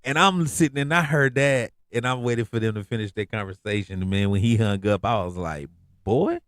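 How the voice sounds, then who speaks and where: A man's voice: lowish voice, a little fast, fairly bright tone, dry recording, clean studio sound. A man hosting a podcast, telling a story in a casual, laid-back way, full of slang and repeated phrases. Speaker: podcast host.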